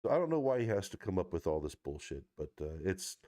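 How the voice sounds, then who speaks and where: A man's voice: sits low, very animated, fast, dark tone. A male podcast host, teasing his guest in a sarcastic, casual way. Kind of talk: casual chat.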